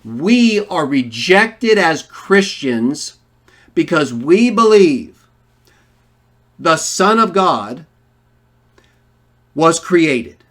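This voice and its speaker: A man teaching from the Bible in a combative, emphatic way, repeating points and firing off rhetorical questions. His voice sits a little high, and he takes his time between phrases. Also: sing-song, very slow, long pauses, fairly bright tone.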